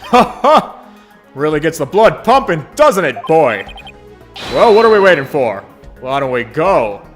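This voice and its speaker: A man doing a booming jovial dad. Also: very animated, unhurried. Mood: hearty. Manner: loud, boisterous, teasing. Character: hearty booming middle-aged dad, jovial and adventurous. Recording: game music playing behind. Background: game music.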